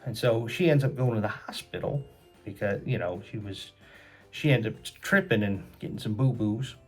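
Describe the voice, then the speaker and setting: A man retelling a story for children in a gentle, chatty, moralizing way. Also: lowish voice, moderate pace, husky, soft background music.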